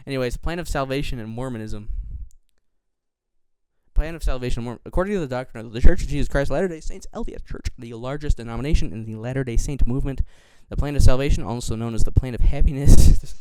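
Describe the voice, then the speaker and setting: A man's voice: mid-range voice, quick pace, mellow, smooth, no echo. A man co-hosting a podcast in casual, joking, rambling chat, laughing often. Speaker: podcast co-host.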